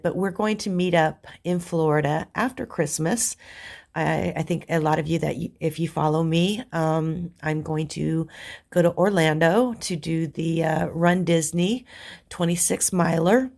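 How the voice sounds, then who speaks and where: A woman's voice: fairly low pitch, gravelly, darkish tone. A woman hosting her crafting channel, chatting casually while she works on a canvas. She sounds congested from a cold and talks in a rambling, chatty way. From Virginia.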